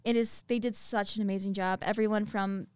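Chatty young woman, smooth voice. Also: mid-range voice, brisk, dry recording, clean studio sound. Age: young adult. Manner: chatty, animated storytelling with frequent laughs. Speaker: student podcast co-host. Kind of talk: casual chat.

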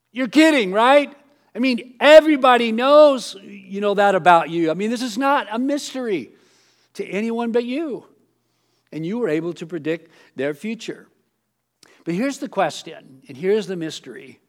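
A man preaching a sermon in an auditorium, talking conversationally with many fillers and restarts and getting animated when mimicking people. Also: high voice. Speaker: pastor.

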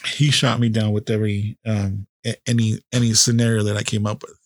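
A man's voice: lowish voice, level tone, brisk, no echo. A man in his fifties, a podcast host telling a personal story in a candid, casual way with heavy swearing.

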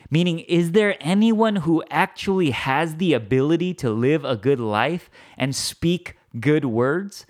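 Male pastor, sermon delivery, conversational and lively, higher register, acts out little quoted exchanges. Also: unhurried, few pauses. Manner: conversational, asks "okay?" and "right?" often, acts out quoted spouses.

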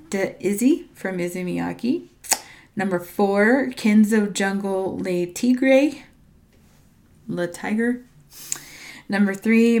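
A woman talks through a ranked list in an unhurried, easygoing way. She pauses to puzzle over tricky names and trails off into little asides. Her voice sits at an ordinary middle pitch. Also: darkish tone. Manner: hesitant, unsure pronunciations, trailing asides. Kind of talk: casual chat reading out a ranked list.

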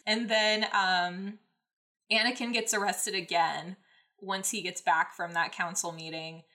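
A woman's voice: mid-range voice, steady tone, a little slow, pushed and bright. A woman podcast host casually recapping a fan story, rambling with many fillers and laughing at the plot. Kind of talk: casual fanfic recap and reading.

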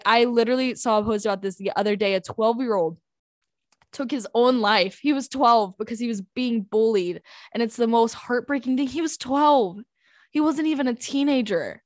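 A woman's voice: a little high, no room sound, clean studio sound. An eighteen-year-old woman co-hosting a faith podcast, talking casually and earnestly with many "like" and "um" fillers. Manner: earnest, chatty, with frequent "like" and "um" fillers. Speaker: podcast co-host.

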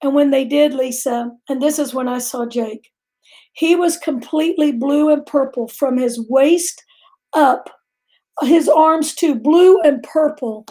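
A woman's voice: high voice, measured pace, mellow. A middle-aged woman earnestly telling a vivid personal story as a guest on a faith talk show.

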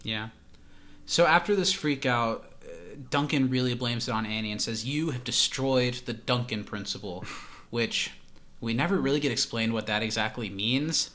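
A man's voice: medium pitch, normal speed, bright, forceful tone. A man co-hosting a podcast, casually recapping a TV episode scene by scene with dry teasing. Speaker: podcast co-host.

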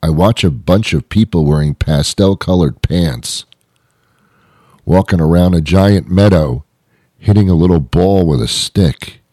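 A man with an extremely deep voice rambles through a comic monologue as a show host. He trips over his own words and swings into mock outrage. The sound is close and completely dry, with no room at all. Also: a little slow, mellow, no room sound.

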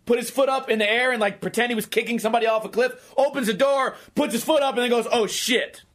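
A man's voice: very high-pitched, steady tone, fast talker, a bit bright. A man in his thirties telling a comic story in a profane, exasperated rant.

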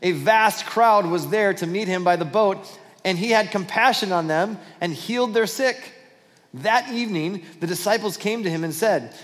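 A man's voice: high voice, moderate pace, a bit bright, big-room sound. A man preaching a sermon as pastor, telling a Bible story with acted-out dialogue and frequent restarts.

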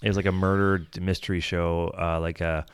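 A man's voice: deep voice, level tone, a little fast, clean tone, no room sound. A man hosting a casual podcast chat, joking loosely, swearing and laughing often into a close mic. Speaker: podcast host.

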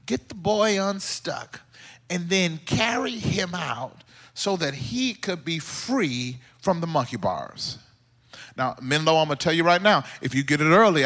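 A male pastor preaching a sermon in a church, telling comic stories in an animated, playful way. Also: fairly high pitch.

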